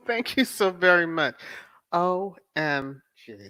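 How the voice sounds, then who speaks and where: A woman's voice: fairly low pitch, background noise. A woman hosting a casual livestream, chatting affectionately with viewers and breaking into laughter often. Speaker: host of a royal-news channel.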